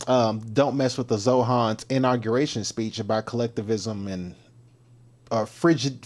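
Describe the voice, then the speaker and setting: A man's voice: mid-range voice, a little mellow. A man hosts a casual livestream and talks in loose slang. He laughs often and repeats his phrases as he rambles through his points. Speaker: livestream host.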